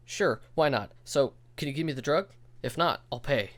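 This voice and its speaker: A woman's voice: a bass voice, animated, moderate pace, voice pushed up. A man voicing a frightened, drug-craving teenage girl from a game, reading her lines aloud in a raised, pleading voice. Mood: demanding. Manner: panicky, pleading.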